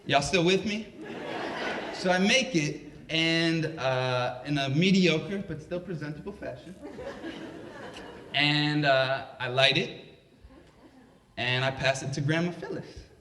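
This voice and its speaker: A man telling a comedic story live in a conversational, unhurried way, with many fillers. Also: on the high side, sharp tone. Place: library event room. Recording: echoey library room.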